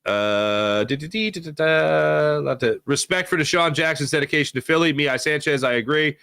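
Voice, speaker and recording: A man's voice: fairly high pitch, moderate pace, creaky, bright, forceful tone, smooth. A man hosting a sports talk stream, rambling and joking as he reads out chat comments. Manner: rambling, jokey, reacts to chat names. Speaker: sports talk show host. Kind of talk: casual live-stream chat reading comments.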